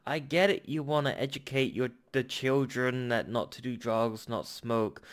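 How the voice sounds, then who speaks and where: A man hosting a reaction video, ranting heatedly with a lot of repetition. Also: mid-range voice. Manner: heated, repetitive ranting, then apologetic and calm. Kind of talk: casual reaction rant.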